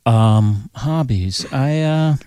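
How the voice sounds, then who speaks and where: Slow, laid-back deadpan man. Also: medium pitch, clean tone, no echo. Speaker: comedian guest. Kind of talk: radio talk show chat.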